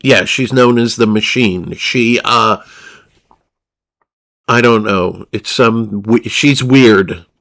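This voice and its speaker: A man's voice: lowish voice, slow, a bit bright. A man livestreaming in a crude, rambling, profane way, often laughing at himself. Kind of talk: crude casual stream chatter.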